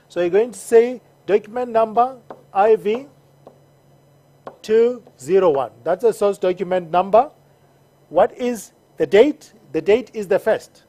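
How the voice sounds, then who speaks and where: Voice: mid-range voice, dark tone. An accounting teacher giving a recorded lesson, patiently repeating each step and checking in with the learners. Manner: patient, repeats steps and checks in with "all right?".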